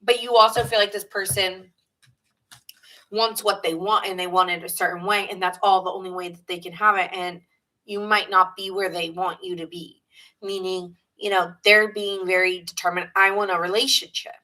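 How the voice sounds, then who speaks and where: A woman's voice: medium pitch, steady tone, normal speed, bright, forceful tone, poor audio. A woman from New York with a New York accent, giving a chatty, rambling live tarot reading and greeting viewers in the chat. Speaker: tarot reader.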